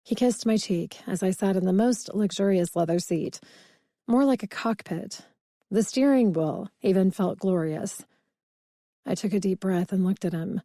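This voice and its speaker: A woman narrating a first-person romance audiobook in an expressive, conversational way. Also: mid-range voice, moderate pace, no room sound, studio quality.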